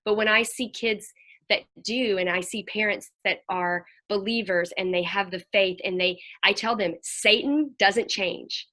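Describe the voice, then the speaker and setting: Woman, Christian counselor, earnest and chatty, bright clear tone. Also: mid-range voice, normal speed. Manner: earnest, chatty, animated when quoting children. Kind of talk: talk to a parents' group.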